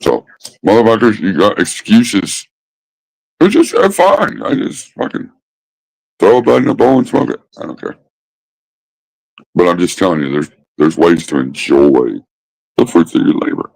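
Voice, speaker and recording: A man ranting casually about smoking habits, swearing constantly and mocking others with drawn-out pauses. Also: sits low, big pitch swings, vocal fry, darkish tone, rough recording. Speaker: host. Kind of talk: casual profane rant.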